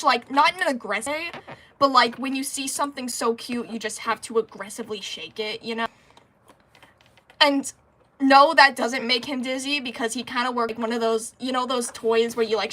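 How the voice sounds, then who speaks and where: Giggly high-voiced rambling woman. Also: bright, forceful tone. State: nervous. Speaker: livestreamer. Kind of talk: casual livestream chat.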